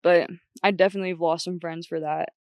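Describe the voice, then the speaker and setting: A woman's voice: fairly low pitch, fairly even intonation, quick pace, darkish tone, clear, resonant tone, no echo, studio quality. A young woman guest on a podcast, talking bluntly and chattily, often quoting herself. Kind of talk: casual chat.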